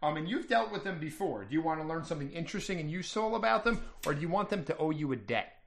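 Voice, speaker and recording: Relaxed male game master. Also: fairly high pitch, fast, gravelly. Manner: relaxed, filler-heavy explaining. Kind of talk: narrating a tabletop game.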